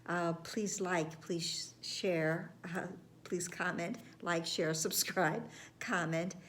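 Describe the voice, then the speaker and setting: Slow, soft-spoken woman teaching. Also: on the low side, fairly even intonation, a little hiss or hum. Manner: slow, gentle, repetitive phrasing with soft whispered words. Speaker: spiritual course teacher. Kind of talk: reflective lesson talk.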